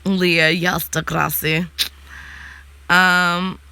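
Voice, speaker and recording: A woman's voice: fairly low pitch, level tone, drawn-out words, pushed and bright, smooth, no room sound. Sassy woman in blunt casual chat. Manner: blunt, sassy, swears freely. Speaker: vlogger answering live chat.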